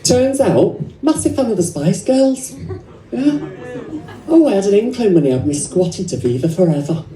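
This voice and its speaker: Heard from a distance in a roomy comedy club full of crowd laughter, a woman with an English accent does stand-up as a cheeky, brassy nurse who teases the audience bawdily. Her medium-pitched, dark voice swings widely in pitch at normal speed, pushed up and lightly acted.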